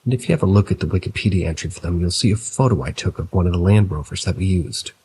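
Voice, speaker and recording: A man reading a scary story aloud in the first person, telling it in a measured way. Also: sits low, a little mellow, a little hiss or hum, poor audio. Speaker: narrator. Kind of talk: scripted horror story narration.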